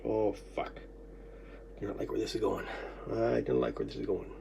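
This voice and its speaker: A person rambling through recalled memories in a solo recording, swearing constantly, swinging from muttering to loud outbursts, and breaking into coughing fits. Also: medium pitch, steady tone, moderate pace, creaky, a little hiss or hum.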